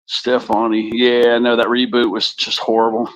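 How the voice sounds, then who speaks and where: Guy hosting a live chat stream, mid-pitched voice, crude and rambling, dry sound. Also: completely flat delivery, moderate pace, no room sound, low-quality recording.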